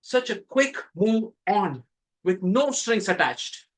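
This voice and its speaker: A middle-aged man from India with an Indian English accent, giving a prepared contest speech with dramatic pauses and emphatic rises. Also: high voice, very animated, rough recording. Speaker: contest speaker. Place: club meeting room.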